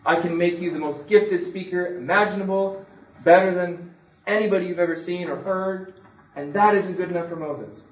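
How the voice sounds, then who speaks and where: A man delivers a sermon, telling it like a story and acting out the voices in the quotes. His voice sits a little high. He is recorded from a distance in an echoey room, and the sound is a bit dull. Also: normal speed. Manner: conversational storytelling with acted quotes. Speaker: preacher.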